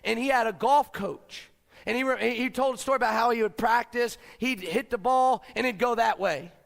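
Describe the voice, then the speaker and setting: A man giving a fired-up motivational business speech, swinging from low, quiet lines to shouting. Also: moderate pace, vocal fry. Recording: long hall reverb.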